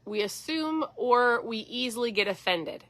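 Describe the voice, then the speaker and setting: Middle-aged woman host, casual livestream chat, bright and upbeat, close dry sound. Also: a little high, expressive, measured pace, no echo. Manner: chatty, enthusiastic, acts out dialogue.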